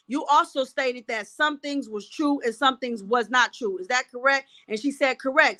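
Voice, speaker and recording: A woman's voice: high voice, pushed and bright. A woman recapping court testimony from her notes in a casual way. She often stops herself to find her place.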